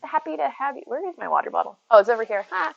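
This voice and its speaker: A woman's voice: fairly high pitch, sing-song, very fast, creaky, no room sound, lo-fi sound, faint music behind. A woman streaming from home, chatting casually, greeting viewers by name and talking to her cat. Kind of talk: casual live-stream chat. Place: at home near her bed.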